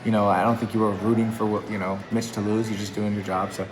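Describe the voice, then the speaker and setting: A man's voice: on the low side, little pitch movement, fast, poor audio. A man who coaches MMA, talking casually and upbeat in an interview, with lots of fillers. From New England.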